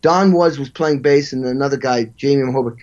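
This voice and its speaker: A man in an interview telling animated stories as a session drummer, acting out quotes and vocalizing drum parts. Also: mid-range voice, a little fast, dull audio. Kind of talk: storytelling interview.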